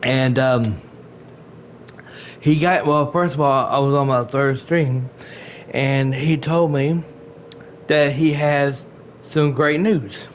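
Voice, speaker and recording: A man's voice: medium pitch, fairly even intonation, takes it slowly, long pauses. A man hosting his gaming channel, rambling through a casual update to his viewers, restarting and repeating himself often. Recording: dull lo-fi home recording with faint noise.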